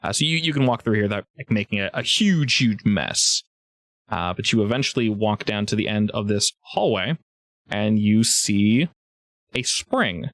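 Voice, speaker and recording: A man running a tabletop game as game master, narrating in a casual, halting way with many fillers. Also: on the low side, expressive, a bit bright, no echo.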